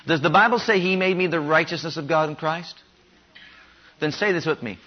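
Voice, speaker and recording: A man's voice: on the high side, a little fast. A man preaching a sermon, pressing his congregation with emphatic, repeated rhetorical questions. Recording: dull lo-fi sermon recording.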